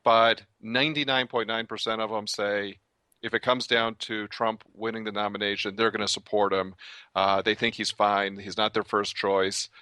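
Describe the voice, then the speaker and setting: A male guest answers at length in a radio interview, thinking aloud and restarting his sentences often. His voice is fairly low but bright and edgy. The sound is dry, with no room echo. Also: flat delivery, moderate pace, clean tone. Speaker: guest political commentator.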